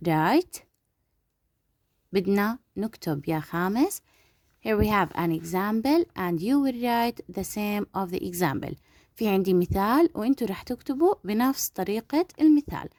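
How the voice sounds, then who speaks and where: Woman teaching English, slow clear drills. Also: mid-range voice, a little mellow, no room sound, clean studio sound. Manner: slow, drawn-out word modelling, switching to quick explanations. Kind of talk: classroom lesson for young pupils.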